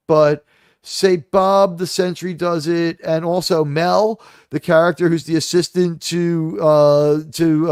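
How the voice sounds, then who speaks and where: A man hosting a livestream, ranting casually about shows and films in a profane, exasperated, animated way. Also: fairly high pitch, clean tone, no room sound, clean studio sound. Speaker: livestream host.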